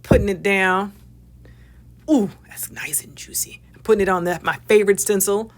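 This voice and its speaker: A woman hosting a casual crafting demonstration, bubbly and excitable, chatting with playful asides, giggles and little whispered apologies. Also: medium pitch, normal speed. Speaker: craft tutorial host.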